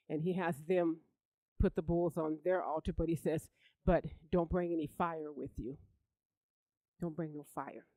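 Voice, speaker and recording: A preacher delivering a sermon, retelling a Bible story with lively emphasis, often repeating and restarting words. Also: mid-range voice, dry recording, poor audio. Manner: animated storytelling, rising loud for emphasis.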